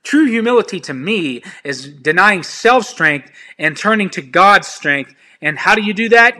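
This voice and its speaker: A man's voice: high voice, animated, a little slow, hardly any pauses, bright, forceful tone. A man preaching informally, sharing personal testimony in an earnest, pleading way and speaking straight to his listeners. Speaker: ministry speaker.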